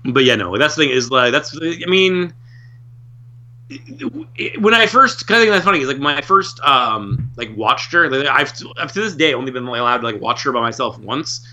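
A man's voice: mid-range voice, big pitch swings, moderate pace, sharp tone, highs cut off. A man co-hosting a casual chat, telling rambling stories with many restarts. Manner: rambling, heavy on filler words and restarts.

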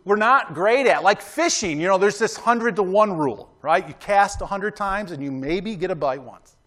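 A man's voice: high voice, expressive, moderate pace, fairly bright tone. A man preaching a sermon in a casual, conversational way, often asking his listeners "right?" and urging them on emphatically. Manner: emphatic, exhorting. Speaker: pastor.

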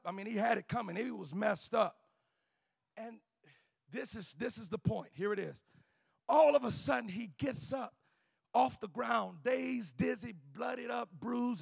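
The sermon comes from a male preacher whose very high voice carries vocal fry, captured in a dry recording. He uses a chanted, shouting cadence with an "uh" before each phrase, occasionally settling into quiet storytelling.

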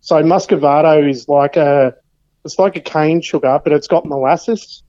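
A man calling in to review beers in a relaxed, rambling way, with many pauses and "um"s. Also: fairly high pitch. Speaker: phone-in beer reviewer. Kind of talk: casual chat on a phone line. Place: calling in from elsewhere. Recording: muffled phone line.

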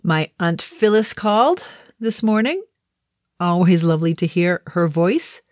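This video diarist, a middle-aged woman from the Boston area in Massachusetts, speaks a little slowly in an expressive, lowish voice with a darkish tone. The studio-quality audio has no room sound. She laughs lightly while chatting casually, her Boston accent mostly softened.

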